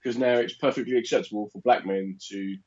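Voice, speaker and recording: A man who does stand-up, co-hosting a podcast with wry, teasing, deadpan humour. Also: on the low side, a little fast, muffled recording. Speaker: comedian and podcast co-host. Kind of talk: casual chat.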